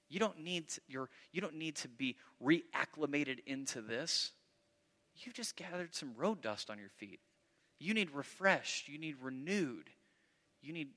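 A pastor delivers a sermon in a bright, fairly high male voice that rings through a large hall with long reverb. He speaks with animation, performs the voices of the people in his story, and frequently repeats himself.

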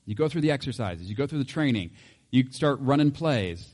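Recorded with a big-room sound, this male pastor speaks briskly in a mid-range, darkish voice with lively intonation. He preaches in a relaxed, conversational way, laughing often and leaning on ordinary everyday examples.

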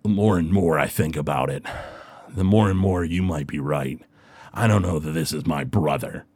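A man's voice: a little mellow, dry recording. A man growling as a gloating orc chieftain. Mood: menacing. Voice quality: low, slow, menacing. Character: cruel taunting orc chieftain, male adult.

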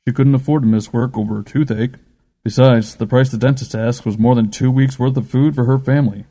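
A cold, impatient spirit guide, as a male narrator puts him on, lecturing loudly with clear disdain. The voice stays mellow and dark beneath its dismissive edge. It belongs to a spoken storybook reading. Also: mid-range voice, fairly even intonation, fairly quick, long reverb tail, lightly acted.

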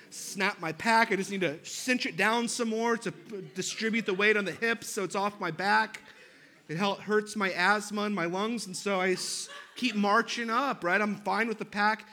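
Male pastor, sermon storytelling, self-deprecating, bright forward tone, slightly high voice. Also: normal speed. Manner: animated, self-deprecating humor.

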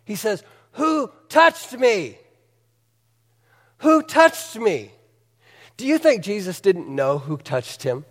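A man's voice: high-pitched, darkish tone, long reverb tail. A male pastor preaching a sermon in an earnest, conversational, emphatic way.

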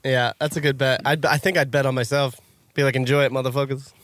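A man co-hosting a podcast in casual chat, laid-back and quick to chime in. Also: medium pitch, steady tone, fairly bright tone, no echo. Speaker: podcast co-host.

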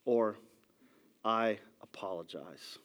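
A pastor giving a conversational sermon, a father who keeps asking "ready?" and moves between loud emphasis and quiet, soft asides. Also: lowish voice, takes it slowly. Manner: conversational preaching with frequent "ready?" check-ins.

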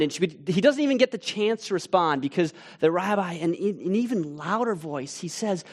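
A man on a church teaching team, telling a vivid story in a casual sermon with restarts and asides, sinking to a hush at tense moments. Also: sits high, animated, brisk, few pauses.

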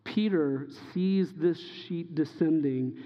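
Impassioned preacher in a reverberant hall. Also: male voice, on the high side, slow, highs cut off. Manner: impassioned preaching, acting out quoted dialogue, swinging loud and soft. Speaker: pastor. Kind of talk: sermon.

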